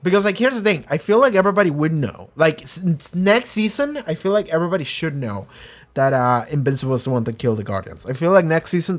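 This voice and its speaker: Excitable, swearing young man recapping. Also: on the high side. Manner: profane, excitable, rambling. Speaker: show reviewer. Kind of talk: casual episode recap.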